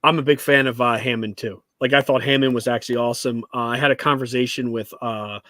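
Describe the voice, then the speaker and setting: A man's voice: medium pitch, steady tone, fast, bright, forceful tone, no echo, clean studio sound. A young man co-hosting a casual podcast, laid-back, stammering and swearing. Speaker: podcast co-host. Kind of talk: casual banter.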